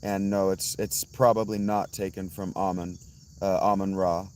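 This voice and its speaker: Hoarse low-voiced guy chatting on a stream outside, blunt and sweary, crickets faint behind. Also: little pitch movement, normal speed, a little mellow, slight background noise. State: hoarse, worn-out voice. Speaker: livestream host answering chat. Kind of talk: casual livestream chat. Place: outdoors at night with insects.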